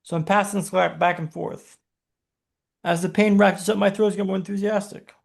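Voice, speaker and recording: A man's voice: sits high, flat delivery, normal speed, creaky. A man, a podcast guest, telling a dramatic personal story in punchy short phrases with rhetorical questions.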